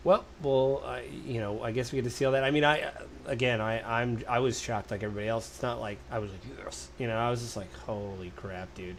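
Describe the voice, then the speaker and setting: Man, podcast co-host, fast rambling talk, acts out quotes, faint hiss behind. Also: mid-range voice, fairly even intonation. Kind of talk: casual political podcast chat. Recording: faint background noise.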